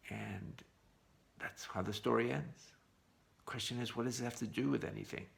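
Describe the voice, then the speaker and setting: Low, gravelly male storyteller. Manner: unhurried, conversational storytelling. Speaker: Bible teacher. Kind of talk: storytelling a midrash.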